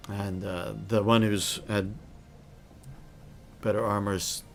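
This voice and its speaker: Low-voiced game master narrating a tabletop scene. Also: male voice, level tone, takes it slowly, soft background music.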